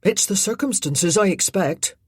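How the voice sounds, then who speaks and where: A woman narrator voicing a blunt, loyal young country groom who talks plainly with rough grammar. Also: medium pitch, expressive, a little slow, no room sound, studio quality, voice pushed up. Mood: defiant.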